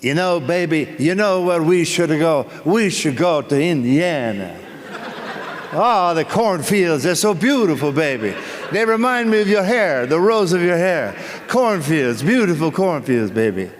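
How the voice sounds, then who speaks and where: A man voicing a smooth-talking Italian husband who croons slow, drawn-out sweet talk to his wife, in an echoey hall. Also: on the high side, big pitch swings. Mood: crooning.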